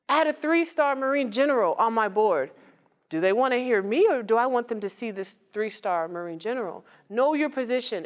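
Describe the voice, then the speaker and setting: Lively woman giving a motivational talk. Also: on the high side. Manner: lively, conversational, asks the audience questions and jokes. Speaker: motivational speaker and nonprofit founder. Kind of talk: motivational talk to a live audience.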